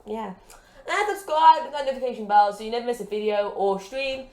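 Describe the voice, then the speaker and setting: A woman's voice: on the high side, lively intonation, brisk, darkish tone. Rambling woman narrating a wrestling game. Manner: rambling, joking, self-promoting. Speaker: gaming channel host. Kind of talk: casual game commentary. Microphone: desk mic with a broken stand.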